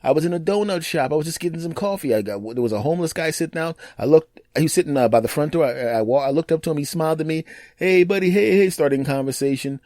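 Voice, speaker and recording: Man, podcast host, animated storyteller, dry close mic. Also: a little high, no room sound. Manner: animated, acts out other people's lines in quick put-on voices. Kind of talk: casual storytelling monologue.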